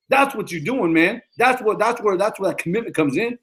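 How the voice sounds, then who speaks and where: A man's voice: sits high, expressive, a little fast, fairly bright tone. A middle-aged man, a football coach, giving a motivational talk in an emphatic, repetitive, slangy way.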